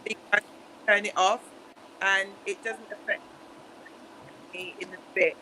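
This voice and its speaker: Comedian lady on a laggy video call, bright sharp voice, blunt and matter-of-fact, faint hiss. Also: mid-range voice, steady tone, measured pace, poor audio. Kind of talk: virtual panel discussion.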